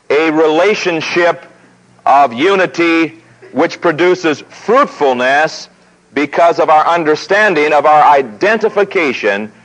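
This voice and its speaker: Male preacher, slightly high and bright, storytelling sermon delivery, old radio broadcast recording. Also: rough recording. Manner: storytelling, rising pitch as the story builds.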